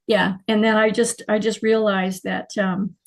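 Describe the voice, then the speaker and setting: A middle-aged woman, telling her life story as an interview guest in an animated, emotional way. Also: mid-range voice, a little slow, low-quality recording. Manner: animated, emotional, frequent fillers and restarts. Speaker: guest, clairvoyant healer.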